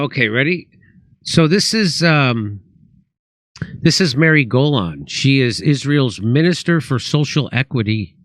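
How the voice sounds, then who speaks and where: A male talk show host tells a story in casual comedic banter, voicing the people in it as he goes. His voice sits at a middle pitch. It is recorded close and dry, with almost no room sound. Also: no room sound. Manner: storytelling with acted-out quotes.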